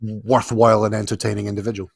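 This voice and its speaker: A man's voice: on the low side, little pitch movement, fast talker, vocal fry, husky. A man on a podcast, chatting casually in a rambling way, often searching for the right word. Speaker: podcast host. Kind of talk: casual comedic chat.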